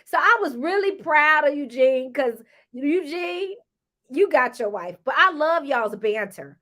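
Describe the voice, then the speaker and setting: Her voice sits high and unhurried as a woman chats through a reality TV episode recap. She's sassy and animated, frequently acting out the cast members' lines.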